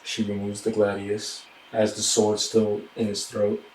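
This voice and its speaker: A man narrates a tabletop game as game master, taking his time in a hushed, deliberate way. His voice is dark and relaxed. The sound is roomy and a little distant. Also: fairly low pitch, a little hiss or hum.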